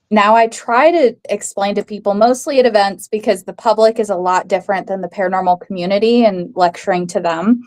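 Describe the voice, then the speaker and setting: Young female co-host, chatty casual delivery, mid pitch. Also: darkish tone. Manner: chatty, many "like"s, acts out quotes. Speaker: podcast co-host, folklorist. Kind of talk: casual chat.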